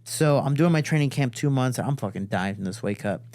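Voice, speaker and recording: A man hosting a podcast in a studio, telling stories loosely and profanely and jumping into other people's voices as he quotes them. His voice sits at an ordinary middle pitch. The room sound is dry and close. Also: animated, a little fast, a little mellow, no room sound. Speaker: podcast host and fighter. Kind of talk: casual storytelling.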